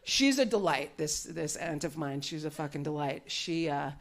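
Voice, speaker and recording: Her voice low and animated, a woman works through a brash, bawdy stand-up set at normal speed, often laughing mid-line. She's performing live in a small studio venue set up in a warehouse, with slight background noise.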